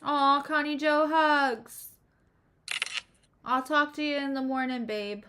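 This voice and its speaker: A woman's voice: high-pitched, fairly even intonation, slow pace, bright, forceful tone, a little hiss or hum. A middle-aged woman hosting a live stream, chatting casually, laughing often and reading comments aloud. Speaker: live-stream host and astrologer.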